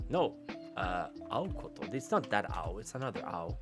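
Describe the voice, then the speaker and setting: A young man on a casual live stream, translating aloud in a halting way, full of restarts. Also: lowish voice, very animated. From Sweden. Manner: reads lines aloud in a rough gruff tone. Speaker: VTuber streamer. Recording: faint background music.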